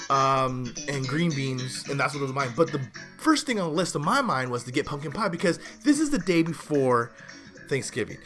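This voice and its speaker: A man hosting a show, telling a story in a loose, rambling way with restarts and side remarks. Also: medium pitch. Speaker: show host. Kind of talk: casual storytelling monologue.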